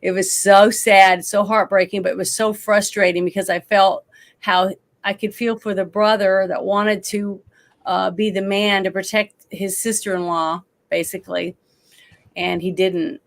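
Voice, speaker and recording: A woman's voice: medium pitch, level tone, measured pace, creaky. A woman talking about a movie in a casual chat, emotional and rambling, often trailing off and restarting. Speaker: guest.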